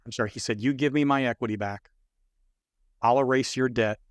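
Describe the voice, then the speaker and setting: A man's voice: medium pitch, brisk, clear, resonant tone, dry recording. An older man, a business consultant, telling stories in a podcast interview and acting out the dialogue as he goes. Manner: animated storyteller acting out dialogue.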